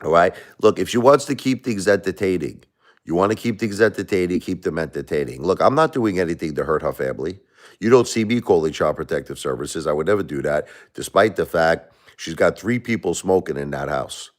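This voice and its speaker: A middle-aged man hosts a livestream, his low voice expressive and fairly quick. He talks to viewers emotionally and defensively, rambling, repeating words and restarting his sentences.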